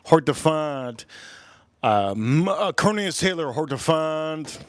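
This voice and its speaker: A man's voice: on the high side, animated, takes it slowly, no room sound. Jet-lagged man rambling on a livestream. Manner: loose, repetitive, swearing, calls out to viewers. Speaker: livestream host. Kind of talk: casual livestream chat.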